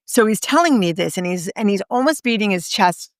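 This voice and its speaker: A woman guest in a podcast interview, telling a story earnestly with emphatic pauses. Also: mid-range voice, expressive, no room sound, clean studio sound. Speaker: guest author and speaker.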